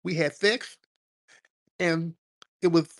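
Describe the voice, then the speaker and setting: A man doing a mocking impression of a flamboyant man who brags unconvincingly about being with women, in a drawn-out, swooning delivery. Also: a little high, steady tone, a bit bright, pitched above the performer's own voice.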